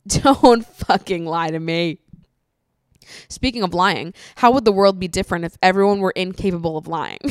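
A woman hosting a solo podcast, chatting casually with lots of swearing, laughter and animated ranting. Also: on the low side, no room sound, studio quality. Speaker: podcast host.

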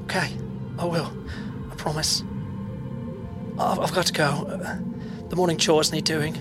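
A man voicing a dutiful young woman who works at a pub, talking in a hurried, earnest way. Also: on the high side, level tone, natural voice. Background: background music.

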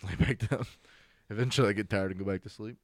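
Lower-voiced teasing young man. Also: fast, no room sound, studio quality. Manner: blunt, teasing, swears and laughs often. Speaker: podcast co-host. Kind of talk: casual chat.

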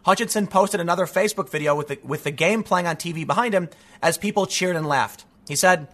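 A political commentator with a high, slightly bright voice delivers emphatic news commentary at a brisk pace. He reads out reports and then rants in casual, repetitive phrases.

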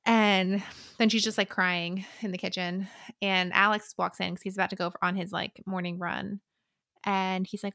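A woman's voice: mid-range voice, flat delivery, moderate pace, vocal fry, a bit bright, no room sound, clean studio sound. A woman co-hosting a casual book chat podcast, talking loosely with lots of fillers and acting out characters' lines. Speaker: podcast co-host.

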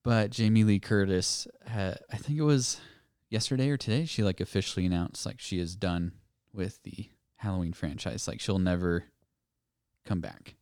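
A man co-hosting a spooky-themed podcast chats casually, wandering through his thoughts with small restarts in a relaxed, hesitant way. His voice sits a little low, smooth and clear, at a moderate pace. A close mic gives a dry sound with no room around it.

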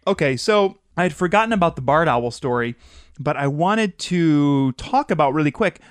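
A podcast host tells stories in a loose, chatty way and mimics the sounds in them. The voice sits at a middle pitch. It comes across dry and close to the mic. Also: normal speed, no echo. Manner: chatty, animated storyteller who imitates sounds. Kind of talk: casual storytelling chat.

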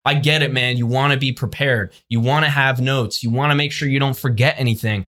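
A man's voice: mid-range voice, steady tone, a little fast, a bit bright. A man who produces podcasts, giving a brash, sarcastic review monologue to the camera. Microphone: facing a camera with a laptop in front.

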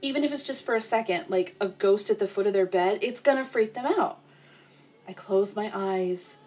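A woman narrating a playful, deadpan comic sleep story in the first person. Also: medium pitch, moderate pace, husky. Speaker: podcast storyteller.

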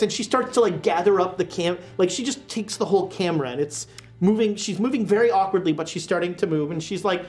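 A woman as game master, narrating a tabletop horror game in a relaxed, rambling way with many fillers. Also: medium pitch, fairly quick, faint music behind. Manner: relaxed, filler-heavy storytelling.

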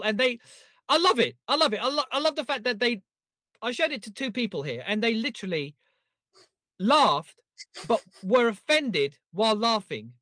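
Lively, bright-voiced joking man. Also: extremely high pitch, dry recording, clean studio sound. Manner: animated, jokey, self-mocking. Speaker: podcast co-host. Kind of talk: casual podcast chat.

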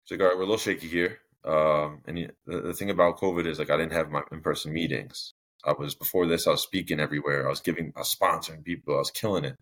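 A man's voice: rumbling low, fairly even intonation, fast talker, a bit bright. A young man telling his own story as a podcast guest, candid and rambling, with many restarts and fillers.

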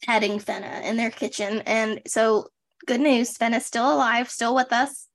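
A woman's voice: fairly high pitch, flat delivery, moderate pace. A young adult woman co-hosting a podcast in a casual chat, talking loosely with lots of fillers and restarts. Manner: chatty, trails off and restarts, lots of "like". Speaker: podcast co-host.

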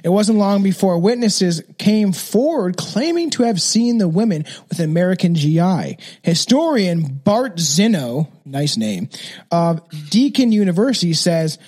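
Very animated yet measured in pace, this man's high voice carries a darkish tone. As a podcast co-host, he discusses a true crime case in a casual, crude way and keeps restarting sentences.

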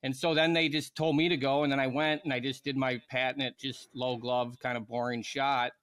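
A man's voice: mid-range voice, level tone, normal speed, a bit bright. A man in his thirties, a former pro hockey player, casually telling a rambling story on a podcast with lots of fillers and laughter.

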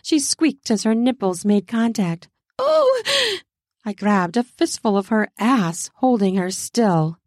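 A woman narrating an adult audio story in a slow, intimate reading. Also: mid-range voice, a little mellow, no room sound, studio quality.

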